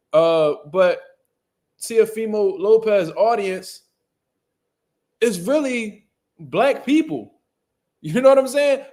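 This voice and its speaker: High-voiced man ranting about boxing. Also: a little mellow. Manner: blunt, profane, ranting, heavy slang. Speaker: boxing commentary channel host. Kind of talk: casual unscripted commentary.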